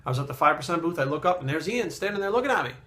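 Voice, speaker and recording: A man, a fitness trainer, telling a story in a casual vlog, blunt and animated and swearing constantly. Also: fairly high pitch, very fast.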